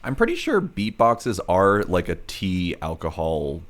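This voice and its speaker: A man's voice: low voice, wildly swooping pitch, a little slow. A young man co-hosting a podcast, chatting casually and dropping in wry remarks. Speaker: podcast co-host. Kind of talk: casual chat.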